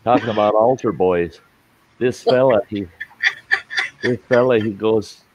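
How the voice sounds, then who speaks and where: A very low-voiced man spins a folksy joke at an unhurried pace, dropping the odd curse along the way. He talks like a relaxed host among friends, with a faint hiss of background noise under his voice. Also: lo-fi sound. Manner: folksy, drawling storyteller with mild cursing. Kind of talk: casual chat and joke telling.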